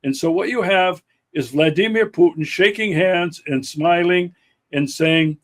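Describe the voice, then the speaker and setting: Slow, emphatic male political host. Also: high-pitched, fairly bright tone. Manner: slow, emphatic, many restarts and fillers. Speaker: podcast host. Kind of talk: political commentary chat.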